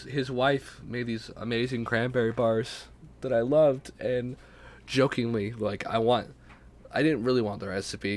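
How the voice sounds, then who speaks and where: A young man with a stuffy, sick voice rambling casually and profanely on his own podcast late at night. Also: lowish voice. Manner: rambling, self-deprecating, profane. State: sick, congested. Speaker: podcast host. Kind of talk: casual solo podcast talk.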